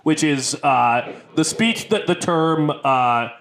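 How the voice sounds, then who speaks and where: A man's voice: on the high side, lively intonation, creaky, fairly bright tone, slight background noise. A man co-hosting a casual film podcast, contrarian and rambling, full of fillers. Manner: contrarian, drawn-out with many fillers. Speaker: podcast co-host. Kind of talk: casual chat.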